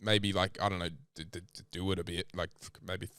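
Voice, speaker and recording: A man's voice: low voice, level tone, brisk, a bit bright, clear, resonant tone, no echo, clean studio sound. A man co-hosting a comedy podcast, blunt, crude and joking, sometimes trailing off into mumbles. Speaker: podcast co-host. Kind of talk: casual comedy banter.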